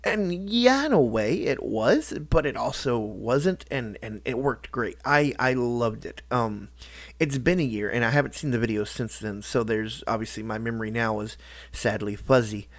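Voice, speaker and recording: A man talking in a casual personal vlog, halting and rambling, with lots of restarts and fillers. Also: mid-range voice, animated, no room sound. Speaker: YouTuber.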